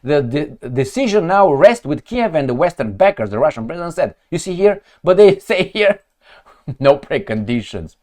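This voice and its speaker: A man's voice: on the high side, sing-song, moderate pace, a little mellow. A man who reads news headlines aloud and reacts to them with sarcastic, heated mockery. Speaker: political commentator.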